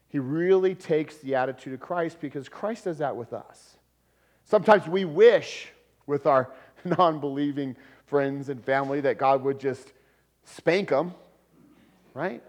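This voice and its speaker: A pastor, preaching a conversational sermon and acting out quotes with humor. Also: male voice, medium pitch, a little mellow.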